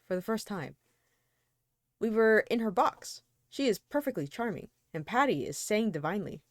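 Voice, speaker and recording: A woman reading the part of a detached, callous young man in a slow, languid way. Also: medium pitch, dry recording, clean studio sound, lightly acted. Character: cool, callous young man, aloof and bored. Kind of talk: amateur read-aloud of a novel.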